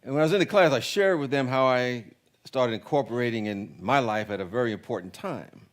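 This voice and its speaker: A man with a Jamaican accent preaching a sermon in a relaxed, conversational, joking way. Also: mid-range voice, a little fast. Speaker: pastor. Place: church sanctuary.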